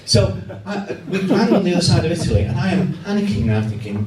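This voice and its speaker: Lively man telling funny stories. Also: high voice, fairly quick, few pauses, a little hiss or hum. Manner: lively storytelling, self-mocking. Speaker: guest speaker, TV journalist. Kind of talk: humorous after-dinner talk. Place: hall with a laughing audience. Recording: roomy hall heard from a distance.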